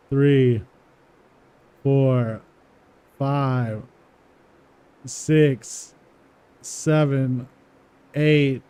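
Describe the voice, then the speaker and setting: Slow, mellow-voiced man typing code aloud. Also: medium pitch, clean tone. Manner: talks to himself, repeats words slowly while typing, chuckles at prices. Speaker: coding tutorial presenter. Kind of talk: casual live coding walkthrough.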